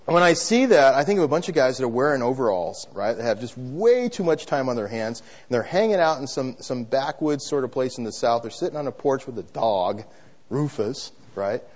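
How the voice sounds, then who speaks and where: A man preaching a sermon in an animated way, having the congregation repeat phrases after him. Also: medium pitch, brisk, lo-fi sound. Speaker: pastor.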